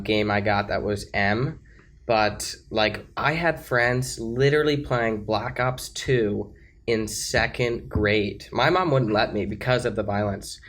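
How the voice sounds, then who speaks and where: A seventeen-year-old man co-hosting a casual podcast, excitable and quick to cut in on the others. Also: on the low side, a little hiss or hum. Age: teens. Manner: excitable, jumps in and cuts others off. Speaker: podcast co-host. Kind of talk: casual chat.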